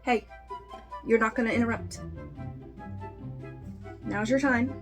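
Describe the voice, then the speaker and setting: A woman with a fairly high voice chats casually to her camera about her makeup. She rambles and pokes fun at herself, trailing off with ums now and then. Faint music plays in the background. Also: fairly even intonation, slow. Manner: chatty, self-deprecating, trails off with fillers. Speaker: beauty YouTuber. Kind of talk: casual makeup vlog with bloopers.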